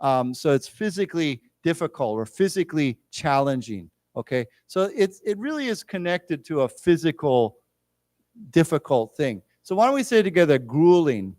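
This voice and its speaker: An English teacher leads a vocabulary lesson in a library lecture room, patiently explaining each word and having the class repeat it. His voice is a little high for a man, slightly mellow, with big pitch swings and a moderate pace. The sound is close and dry, with no room sound.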